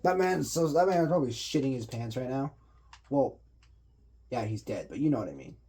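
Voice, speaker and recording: A man's voice: mid-range voice, lively intonation, normal speed, mellow, a little hiss or hum. A man giving loose, slangy commentary and explaining what he does while he plays a video game. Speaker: gaming commentator. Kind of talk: casual gameplay commentary.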